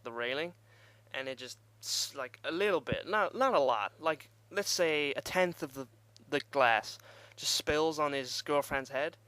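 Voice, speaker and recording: Young man, vlog storyteller, rambling, swears a lot, laughs at himself, smooth voice, dry sound. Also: medium pitch, sharp tone, no room sound. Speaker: vlogger. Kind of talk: casual storytelling.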